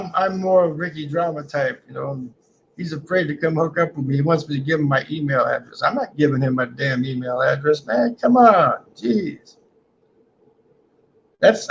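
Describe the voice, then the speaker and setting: A man's voice: a little high, gravelly, slight background noise. A man hosting a casual livestream, reading chat comments aloud and joking in a rambling way, often ending lines with "man". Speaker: livestream host. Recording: dull lo-fi stream audio.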